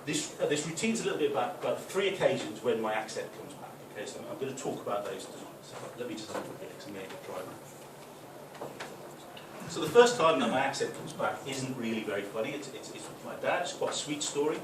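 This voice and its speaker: A young man from the North East of England with a softened Geordie accent, doing a chatty stand-up routine. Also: medium pitch, big pitch swings, fast. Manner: chatty, with tag questions; loud put-on voices for punchlines. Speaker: stand-up comic. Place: club function room. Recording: echoey room, distant, noisy.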